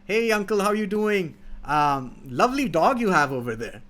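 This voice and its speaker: A man's voice: sits high, big pitch swings, normal speed, a bit bright, pitched above the performer's own voice. A man voicing a sly young male village hoodlum who teases with false friendliness. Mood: teasing.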